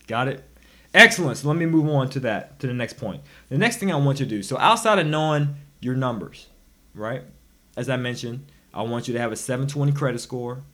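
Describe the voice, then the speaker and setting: A man giving a motivational personal finance lesson, talking in an animated, preachy way with sudden loud, emphatic bursts. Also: medium pitch, a little fast. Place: recorded instruction.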